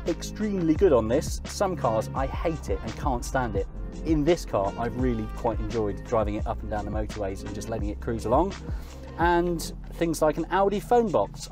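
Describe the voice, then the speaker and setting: A man who reviews cars in a chatty, wry way with joking asides. He talks while driving a car on country roads. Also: mid-range voice.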